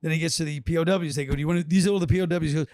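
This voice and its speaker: A man's voice: on the high side, fairly even intonation, very fast, darkish tone, no echo. A man on a podcast, chatting casually and telling rambling stories, acting out the quotes. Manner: rambling storyteller, acts out quotes. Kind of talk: casual chat.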